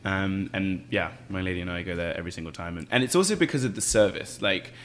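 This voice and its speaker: A deep-voiced Englishman with a Bath accent talks quickly and a little brightly. He's an actor guesting in a casual interview, chatting with lots of fillers and laughing often.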